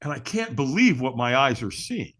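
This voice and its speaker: A man guest on an interview show, telling a personal story with lively, acted-out quotes and frequent restarts. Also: mid-range voice, normal speed, husky. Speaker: guest, firewalk instructor.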